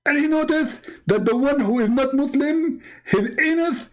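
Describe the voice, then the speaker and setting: A man's voice: very high voice, voice pushed up, rough recording. A man mocking a pompous, smug preacher. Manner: halting broken English, stammered repeats. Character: pompous smug male preacher, middle-aged, know-it-all. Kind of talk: mocking comic impression.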